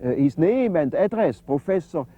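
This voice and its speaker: Older man, halting and husky. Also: a little high, expressive, narrow, tinny audio. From Switzerland. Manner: halting, many "uh" fillers and restarts. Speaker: interview guest. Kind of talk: reflective interview conversation.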